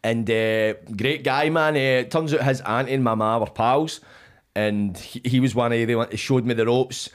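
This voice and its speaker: A man's voice: mid-range voice, steady tone, normal speed. A Scottish man telling stories as a podcast guest in casual chat, animatedly acting out his own past lines and swearing freely.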